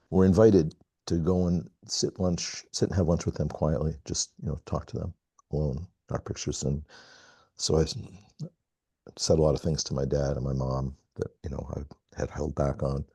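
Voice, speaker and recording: A middle-aged man on a video call, telling a personal story in a halting, reflective way with many pauses. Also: sits low, dark tone, slightly rough, dry recording. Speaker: call participant. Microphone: video call mic.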